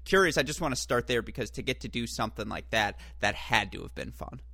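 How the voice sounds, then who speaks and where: A man's voice: medium pitch, lively intonation, quick pace, gravelly, bright, forceful tone, no echo. A man hosting a podcast interview, chatty and joking, with frequent filler words. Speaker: podcast host.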